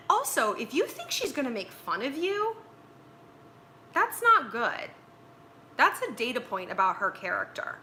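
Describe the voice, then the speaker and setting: Chatting through dating advice on a laid-back livestream, a young woman stays animated, blunt and jokey, performing quoted speech as she goes. A faint noise runs beneath her bright voice, which rises and falls widely.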